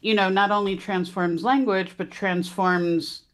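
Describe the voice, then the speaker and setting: A woman's voice: medium pitch, steady tone, unhurried. A woman taking part in a live poetry seminar, articulate and earnest. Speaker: seminar participant. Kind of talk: discussion with a read-aloud quotation.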